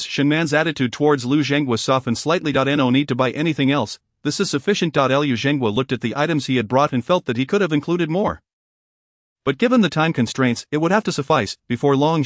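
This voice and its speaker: Here the narrator is a man giving a scripted romance reading at a steady pace. Pitch sits squarely in the middle, and the audio is dry and intimate, free of any room sound.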